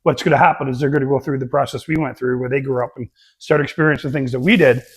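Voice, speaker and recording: A middle-aged man on a casual podcast, telling family stories in an animated way, with frequent "uh" and "right?". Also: medium pitch, fast, slightly rough. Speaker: podcast co-host. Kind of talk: casual chat, storytelling.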